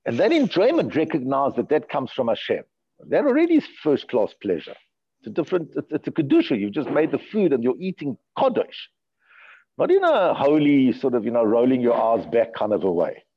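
Animated, gravelly-voiced man giving a Torah lecture. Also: mid-range voice, brisk. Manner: animated, rhetorical questions, repeated words. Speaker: rabbi teaching a class. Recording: dull lo-fi recording.

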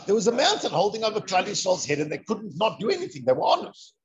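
A man giving a lively Torah lecture, firing rhetorical questions and answering them himself. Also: high voice, quick pace. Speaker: Torah teacher. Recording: dull lo-fi recording.

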